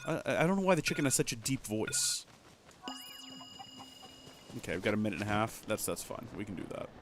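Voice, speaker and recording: A man's voice: fairly low pitch, very animated, fairly quick, noisy background. A man chatting casually while playing a game on stream, rambling about what he is doing. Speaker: let's play streamer. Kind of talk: casual gameplay commentary.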